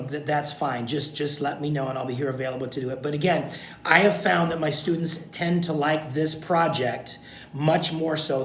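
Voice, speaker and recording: A man recording a video lecture for his college class, talking informally and checking in with "okay?" again and again. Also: fairly bright tone. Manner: repetitive, informal, frequent "okay?" check-ins. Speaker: college instructor. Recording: echoey room with faint rumble.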